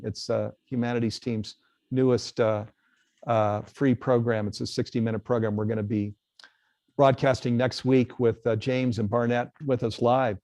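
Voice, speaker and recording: A man's voice: mid-range voice, darkish tone, no room sound. A man hosting a live spiritual webcast, talking earnestly and reading viewer questions aloud. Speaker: host. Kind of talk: casual live webcast talk.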